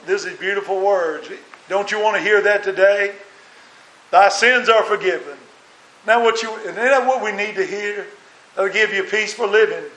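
Guy preaching a sermon, kinda high voice, asks the crowd lots of questions, echoey room. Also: a bit bright. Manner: earnest preaching with rhetorical questions. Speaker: minister. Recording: roomy echo.

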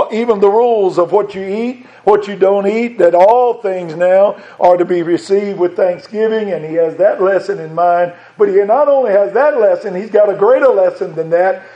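A man's voice: sits high, moderate pace, hardly any pauses, mellow. A man preaching a sermon in a folksy way, repeating phrases for emphasis. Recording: dull lo-fi sound.

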